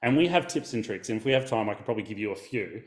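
A man talking as a guest in a casual podcast interview, animated and storytelling. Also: lowish voice, rapid-fire, roomy sound. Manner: animated, storytelling, acts out quotes. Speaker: guest, video coach.

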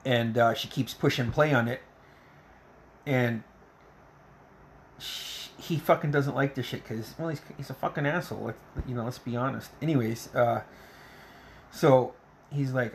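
A man at an ordinary mid pitch tells a movie's story in a loose, casual way. He swears constantly, chuckles between lines, and gets worked up when he describes the fight. It plays like a relaxed podcast recap. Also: a little slow, long pauses. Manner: profane, excitable play-by-play retelling; laughs often. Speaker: podcast host reviewing a film.

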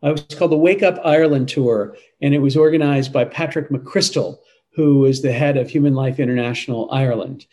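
Man, interview guest, earnest and emphatic, mid-pitched voice, talks at length with restarts. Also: a little fast, a little mellow, a little hiss or hum, low-quality recording. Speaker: interview guest, Catholic advocacy leader. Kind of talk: conversational interview answers.

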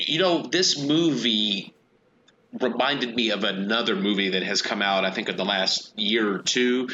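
Bright-voiced man discussing a film. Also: lowish voice, lo-fi sound, slight background noise. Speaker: podcast co-host.

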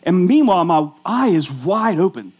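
A pastor in his forties tells a story in his sermon with a chatty, self-mocking delivery, dropping "like" into his lines. His voice sits a little higher than most men's. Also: very animated, normal speed, darkish tone, slightly rough. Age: 40s.

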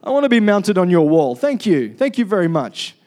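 A mock-polite animal, overeager and chirpy, that lifts a little higher than a normal talking voice, as a man puts it on. It is a playful bit of pulpit comedy. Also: sing-song, a little fast, a little mellow. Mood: mock-eager. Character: eager animal begging to be shot.

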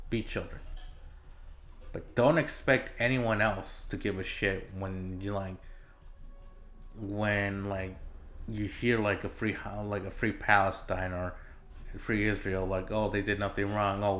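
A man's voice: lowish voice, a bit bright. A man hosting a solo podcast, ranting in a casual, exasperated way, swearing often and rambling with fillers and restarts. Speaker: podcast host.

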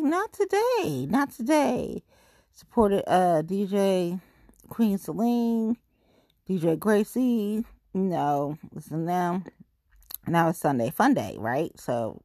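A woman's voice: a little mellow, no room sound, studio quality. A young adult woman, a podcast host, delivering a blunt, profane ranting monologue. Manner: blunt, swearing, big swoops in pitch.

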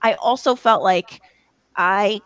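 A woman chatting as a podcast guest, talking in rambling bursts with many restarts and quick laughs. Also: mid-range voice, a bit bright, dry recording. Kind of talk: casual podcast chat.

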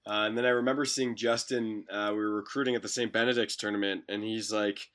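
A man's voice: fairly low pitch, steady tone, quick pace, a bit bright. A man, a basketball coach talking casually on a podcast and often repeating words as he tells stories. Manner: talkative, repeats words while storytelling. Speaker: university basketball head coach.

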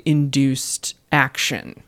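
A man's voice: mid-range voice, monotone, slow pace, a bit bright. A man co-hosting a podcast, discussing a film casually and hesitantly, searching for his words. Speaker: podcast co-host.

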